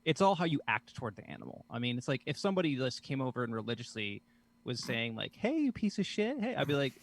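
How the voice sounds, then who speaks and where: A man's voice: mid-range voice, fast, slight background noise. Easygoing, profane male guest. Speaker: regular show contributor. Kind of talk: casual chat.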